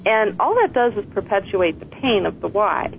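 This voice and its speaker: A woman's voice: medium pitch, sing-song, moderate pace, creaky. A woman author talking earnestly and reflectively in an interview. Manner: earnest, reflective, laughs softly. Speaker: author and guest. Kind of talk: interview conversation. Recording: tinny phone line with faint hiss.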